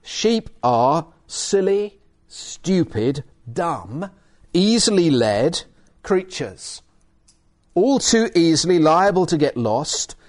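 A man's voice: a little high, sing-song, slow. A man preaching a sermon and reading from the Bible, emphatic with hesitant fillers.

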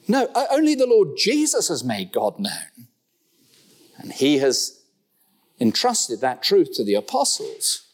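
In a church, a middle-aged man delivers a sermon full of wry humor, his voice jumping up for emphasis and then settling back down. He alternates between quick asides and slow, weighty lines, keeping things lively with humorous remarks and sudden pitch leaps.

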